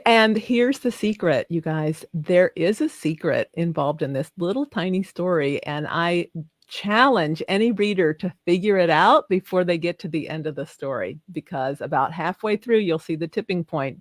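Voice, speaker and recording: An older woman with a Southern US accent, a guest author talking effusively in a casual video call interview and quick to laugh. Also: lowish voice, expressive, dry recording, studio quality.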